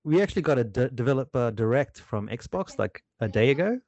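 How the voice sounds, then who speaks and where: A man's voice: medium pitch, very animated, a little fast, darkish tone, muffled recording. Chatty Australian man hosting a podcast. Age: middle-aged. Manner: laughs often, rambling with restarts. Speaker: podcast host. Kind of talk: casual podcast chat.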